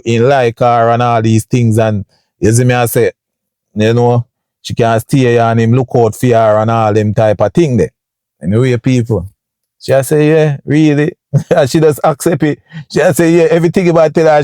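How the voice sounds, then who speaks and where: A man's voice: warm tone, no room sound, studio quality. A man with a Jamaican accent telling a story casually to his viewers, often checking in with "you see me" and acting out sounds. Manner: chatty, keeps addressing viewers with "you see me" and "people"; acts out sounds and voices with big jumps up in pitch. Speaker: storytime vlogger.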